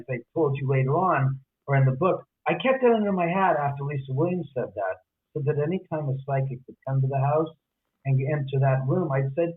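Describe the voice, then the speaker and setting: A man, the guest and an author, telling stories in a casual interview, animated and acting out the voices of the people in them. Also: medium pitch. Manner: animated, acts out quotes. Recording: tinny phone line.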